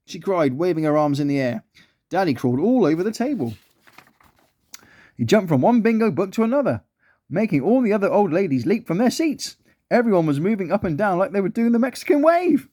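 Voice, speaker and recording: A man reading a children's story aloud, animated and expressive. His voice sits fairly high and swoops around a lot as he tells it. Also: fairly quick.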